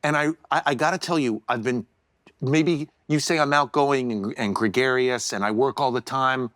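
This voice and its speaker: A middle-aged man, a podcast guest telling a story in a lively way, stumbling and repeating words as he goes. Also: medium pitch, normal speed, dry recording. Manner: animated storyteller who acts out quotes, repeats words. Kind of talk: casual storytelling in a podcast chat. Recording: dry close-miked studio sound.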